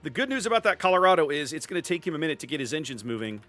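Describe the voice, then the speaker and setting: A man's voice: a little high, sing-song, racing, pushed and bright, soft background music. A middle-aged man with a Cajun Louisiana accent, chatting upbeat as he hosts a live gameplay stream and greets his chat. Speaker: streamer host.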